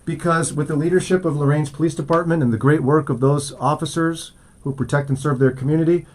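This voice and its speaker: Radio host reading the news. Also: male voice, on the high side, fairly even intonation, brisk, darkish tone. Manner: reads news items aloud, then jokes around. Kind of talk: casual radio chat.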